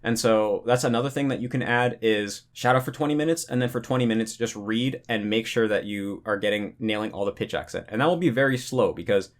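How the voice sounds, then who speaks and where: A man's voice: on the low side, a little fast, few pauses. Laid-back man giving rambling advice. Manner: relaxed, rambling, full of "you know" and "like". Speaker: language-learning YouTuber. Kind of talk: casual talking-head advice.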